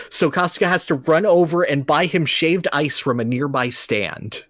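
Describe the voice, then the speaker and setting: A man's voice: fairly high pitch, moderate pace, few pauses, a bit bright, no echo, studio quality. A man hosting a podcast and retelling a video game story with amusement. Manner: amused, laughs while recounting. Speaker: podcast host.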